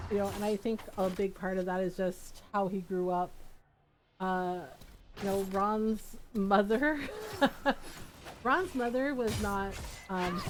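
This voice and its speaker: A woman's voice: mid-range voice, background noise. A woman streamer chatting casually and affectionately while playing a game, laughing often.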